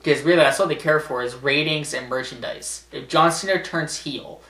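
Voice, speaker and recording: A man's voice: a little high, normal speed, pushed and bright. Sarcastic, rambling man in an echoey room. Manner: rambling and sarcastic, laughs at his own jokes, swears. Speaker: vlogger. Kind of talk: casual commentary vlog.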